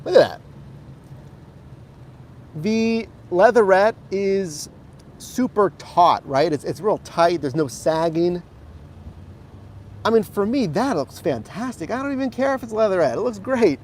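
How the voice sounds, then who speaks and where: A man's voice: high-pitched, expressive, a little slow, pauses often, slight background noise. Upbeat man giving a car tour on a live stream. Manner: enthusiastic, chatty, addresses viewers as guys. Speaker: rideshare driver and streamer. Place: in and around a car outdoors. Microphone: handheld phone camera.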